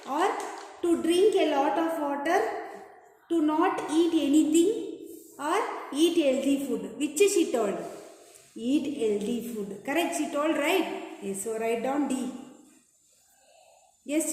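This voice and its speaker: A woman's voice: high-pitched, darkish tone. A woman teaching a grade-one class, patiently repeating questions and prompting the children to answer. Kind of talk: classroom lesson for young children. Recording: very echoey room with long reverb.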